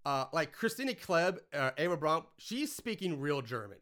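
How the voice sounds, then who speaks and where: A man's voice: on the high side, very animated, moderate pace, fairly bright tone. A man co-hosting a casual chat, animatedly recapping a comedy film with frequent laughs.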